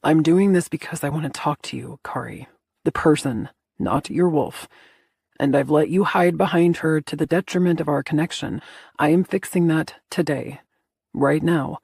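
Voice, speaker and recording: A woman doing a stern alpha man, low and firm. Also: gravelly, darkish tone, breathy edge, no echo, studio quality, full character voice. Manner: low, firm, slow and insistent.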